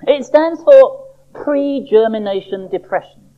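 A preacher voicing a kindly, fatherly male doctor who speaks gravely and reassuringly. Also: medium pitch, animated, measured pace, voice pushed up, close to an everyday voice. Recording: dull lo-fi recording.

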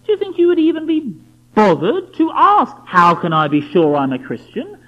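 A man's voice: extremely high pitch, wildly swooping pitch, moderate pace. A man preaching a sermon, emphatic and full of rhetorical questions aimed at the listener. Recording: dull lo-fi recording.

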